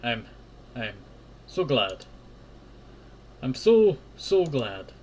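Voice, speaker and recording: A man's voice: mid-range voice, lively intonation, a little slow, a little hiss or hum, close to an everyday voice. A man reading as a guilt-ridden young woman. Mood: remorseful.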